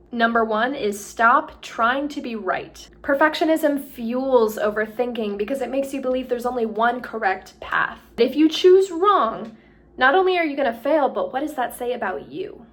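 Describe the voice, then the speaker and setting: A woman with a fairly high voice gives an earnest self-help talk to camera. She speaks directly to the listener in a steady coaching tone.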